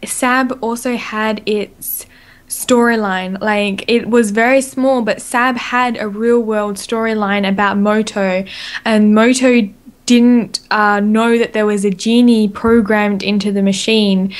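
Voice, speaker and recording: A woman co-hosting a casual live podcast, chatty and excitable, with lots of "like" in her speech. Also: mid-range voice, takes it slowly, smooth. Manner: chatty and excitable, many likes. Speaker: podcast co-host.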